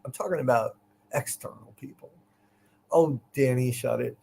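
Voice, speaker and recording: A man co-hosts a casual live-stream chat at a middle pitch. He jokes around and teases his co-host. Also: moderate pace, creaky, dark tone, breathy edge. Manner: teasing, joking.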